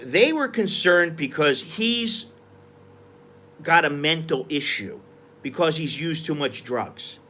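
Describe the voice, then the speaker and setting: A man's voice: a little high, animated, slow pace, sharp tone. A man from the United States telling a story and ranting on a live stream, heated and profane. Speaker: vlogger. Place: outdoors at a market.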